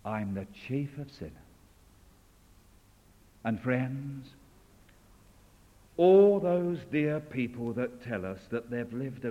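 A man preaching a sermon with fervent delivery, swinging from loud declarations to hushed, intimate lines. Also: medium pitch. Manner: fervent, rising and falling dramatically. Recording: dull sound in a long reverberant hall.

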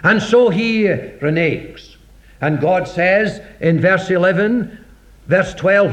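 Male preacher, high and very animated delivery, rhetorical sermon style, dull lo-fi sound. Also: takes it slowly. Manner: dramatic, rhetorical, acts out voices of scripture. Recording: dull lo-fi recording.

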